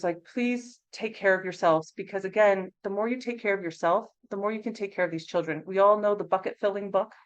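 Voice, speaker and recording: Animated woman training early educators. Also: medium pitch, rough recording. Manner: animated, conversational, acts out classroom phrasings in a bright teacher voice. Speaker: early childhood mental health consultant.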